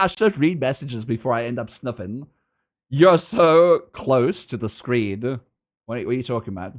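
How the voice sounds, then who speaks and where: A man's voice: mid-range voice, animated, normal speed. A man streaming a game and chatting with his viewers, teasing them and laughing often. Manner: playful, teasing, laughs often, jumps between loud and mumbled; reads chat aloud and answers viewers. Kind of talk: casual livestream chat.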